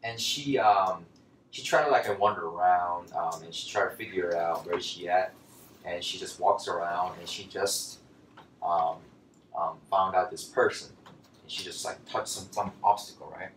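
A man teaching a casual language lesson, talking in a loose, chatty way with lots of fillers and lively bursts when he quotes phrases. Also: low-pitched, measured pace, distant mic. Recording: roomy, from off-mic, faint background noise.

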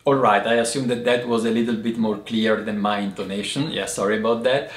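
A man's voice: fairly low pitch, steady tone, slight background noise. Man explaining tea words in an echoey room. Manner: patient, explaining step by step with frequent pauses. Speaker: tea teacher. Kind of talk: language and tea lesson.

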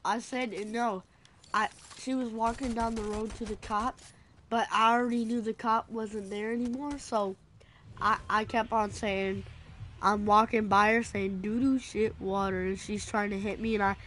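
A woman giving casual gameplay commentary in an excitable, crude way, often laughing and yelling. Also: mid-range voice, unhurried, a little hiss or hum. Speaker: gamer.

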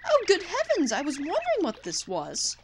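A woman voicing a pompous upper-class male adventurer with plummy, drawn-out exclamations. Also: high-pitched, wildly swooping pitch, very noisy, pitched above the performer's own voice, heavily acted.

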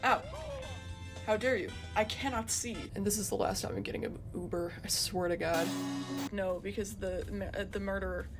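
A woman's voice: mid-range voice, steady tone, brisk. Jumpy woman gamer with game music. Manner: jokey, yelps and exclaims when startled. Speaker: gaming YouTuber. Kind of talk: playing horror games with commentary.

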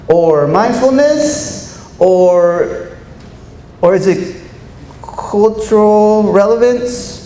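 A man delivers an animated storytelling speech to a room of educators and slips into the voices of the people he quotes. His voice sits somewhat high. The sound carries the echo of a large hall, with a faint hum of room noise behind it. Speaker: keynote speaker.

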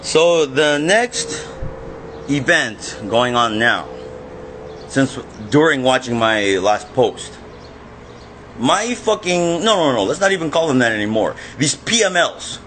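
A man filming himself in an agitated, profane rant that often breaks into shouting. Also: medium pitch, big pitch swings, slow pace, a little hiss or hum. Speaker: vlogger. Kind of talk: angry self-filmed rant.

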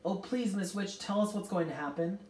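A woman's voice: on the low side, animated, normal speed, darkish tone, slight background noise, pitched above the performer's own voice, lightly acted. A woman voicing an anxious, impatient teenage girl who pleads fearfully. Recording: roomy, distant mic.

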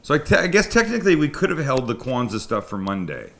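A Canadian man hosting a live cooking stream. He chats loosely and pokes fun at himself, with a mid-pitched voice and plenty of restarts as he reads and riffs. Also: big pitch swings, fast, a bit bright. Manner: chatty, self-deprecating, rambling with restarts. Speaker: cooking show host. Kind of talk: casual live-stream chat. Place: home kitchen studio with crew.

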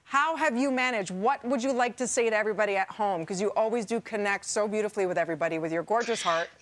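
A woman's voice: mid-range voice, quick pace. A woman hosting a morning TV show, chatting playfully and gushing praise at her guest. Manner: warm, gushing, playful banter. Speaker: morning TV host. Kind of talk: casual chat.

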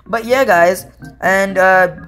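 A man's voice: sits high, takes it slowly, fairly bright tone. Rambling young male gamer, faint music. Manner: rambling, self-correcting, easily amused. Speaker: gaming YouTuber. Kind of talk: casual gameplay commentary.

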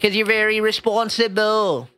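A woman's voice: mid-range voice, fairly even intonation, normal speed, a bit bright, soft background music. A woman streamer playfully commenting on a game and chatting with her viewers. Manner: playful, jokey, chatting with chat.

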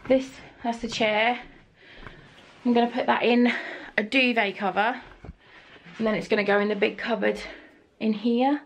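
A woman's voice: fairly high pitch, fairly even intonation, normal speed, slight background noise. A young woman and mum chatting frankly in a home vlog, casual, sometimes swearing and a little out of breath. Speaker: vlogger and mum. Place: family house indoors.

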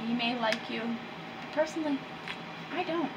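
Casting: a woman as a fed-up, scolding young woman, slightly high voice, distant hissy mic. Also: moderate pace, close to an everyday voice. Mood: stern. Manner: scolding, impatient. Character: strict, exasperated young woman.

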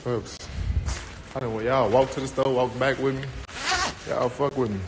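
A young man talks straight into his phone from home, loose, profane and rambling. His voice sits in a middle register, and steady noise hangs under the recording. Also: mid-range voice, normal speed. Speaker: livestream host. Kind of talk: casual livestream chat. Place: indoors at home. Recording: noisy phone livestream audio.

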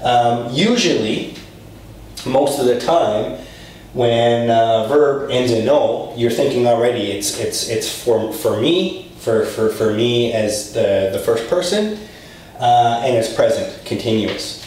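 A man giving a relaxed, chatty Spanish lesson, explaining with lots of fillers and acting out little example dialogues. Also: medium pitch, slow pace. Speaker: Spanish teacher. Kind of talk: casual language lesson. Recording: very echoey room, mic set far off, faint noise.

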